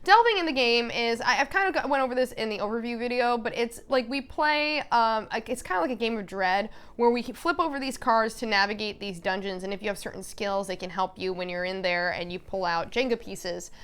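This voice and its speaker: A woman vlogger chatting casually and recapping a story in an animated way. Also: fairly high pitch, a little fast, few pauses, clean tone. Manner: animated, chatty, full of fillers and laughs.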